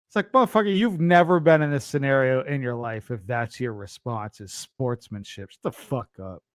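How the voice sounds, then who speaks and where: A man co-hosting a gaming podcast in loose, blunt chat, swearing and ribbing his co-host. His voice sits at an ordinary middle pitch. The recording is close and dry, with no room around it. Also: moderate pace, dry recording. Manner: blunt, profane, teasing. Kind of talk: casual chat.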